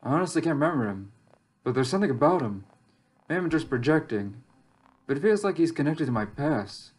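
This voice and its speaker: A man's voice: fairly high pitch, big pitch swings, fairly quick, a little mellow, breathy edge. A man reading aloud as a lost, anxious young survivor in a text game, reflective and wry, with faint game music behind. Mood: musing. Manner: reflective, rises sharply when alarmed.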